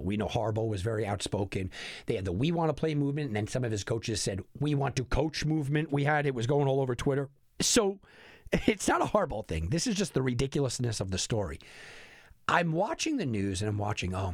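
A man's voice: mid-range voice, no room sound, studio quality. A man hosting a sports betting podcast, delivering an exasperated, sarcastic monologue with emphatic repetition. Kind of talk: animated opinion monologue.

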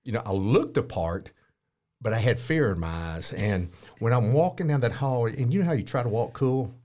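A man, telling a story as an interview guest, lively and chuckling often as he acts out what people said. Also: medium pitch, moderate pace. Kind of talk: casual storytelling.

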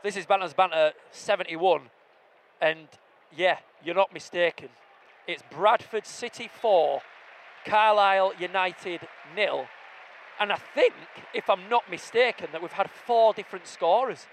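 Excitable high-voiced man. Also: a little slow, a little hiss or hum. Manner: excitable, jokey banter. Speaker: podcast co-host. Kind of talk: casual football podcast chat. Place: outdoors at a football stadium.

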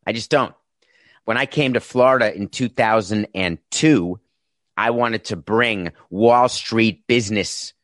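A man's voice: fairly low pitch, a bit bright, dry recording. Middle-aged man, ex-baseball executive, emphatic and sarcastic commentator, dry close recording. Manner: emphatic, sarcastic, punchy delivery. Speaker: former baseball team executive. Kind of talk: opinionated commentary monologue.

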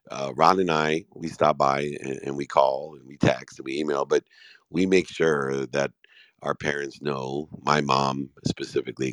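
Male, 50s, very low and dry. Heartfelt, emphatic motivational host fielding questions in an online live room. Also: vocal fry, dry recording. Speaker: host and business speaker.

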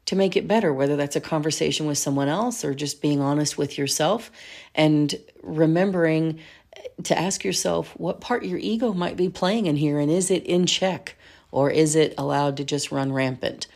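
Low-voiced woman podcast coach. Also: darkish tone. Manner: earnest, encouraging, storytelling. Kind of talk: reflective solo podcast talk.

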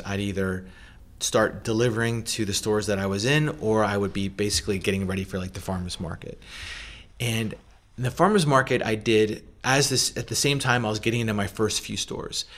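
A middle-aged man speaks in a relaxed, storytelling way, his voice sitting a little low. He drops plenty of fillers and slips into little performances of the people in his story. It sounds like a casual interview. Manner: animated, acts out quoted voices, many fillers. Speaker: food company founder, guest.

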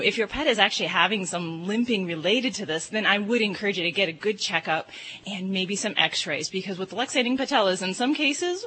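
A woman's voice: mid-range voice, bright, forceful tone, husky. A woman veterinarian answering listener questions on a call-in radio show, explaining at length with frequent ums. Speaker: veterinarian guest.

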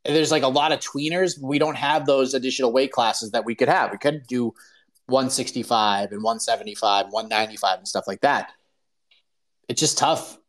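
This podcast host talks casually about fight betting, rambling through his picks and laughing as he goes. His medium-pitched voice is brisk, and his manner stays relaxed.

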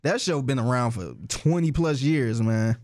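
A man's voice: medium pitch, a little slow, darkish tone. Easygoing man laughing between remarks. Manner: easygoing, laughs often, teasing. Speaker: podcast co-host. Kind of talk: casual chat.

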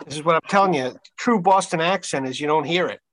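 A man co-hosting a casual chat, telling stories in a dry, deadpan way. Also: on the high side, fast, no room sound, rough recording. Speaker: podcast co-host.

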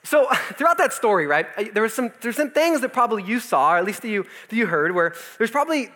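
A young man in his twenties giving a casual youth sermon, telling a comic story with lots of fillers and animated asides. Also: high voice, quick pace. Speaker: youth speaker.

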